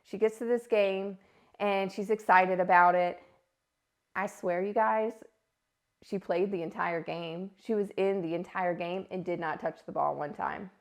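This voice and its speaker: A woman's voice: lowish voice, a little slow. A woman in her thirties, a podcast host telling a story in a casual monologue and acting out the voices she quotes. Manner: animated, acts out quoted voices.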